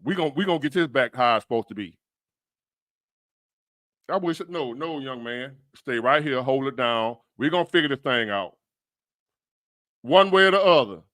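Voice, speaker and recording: Man, livestream reaction commentary, blunt and profane, bright forceful tone, dry close sound. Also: mid-range voice, expressive, moderate pace, pauses often, dry recording. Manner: blunt, profane, fired-up, rambling. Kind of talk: reaction commentary on a news clip.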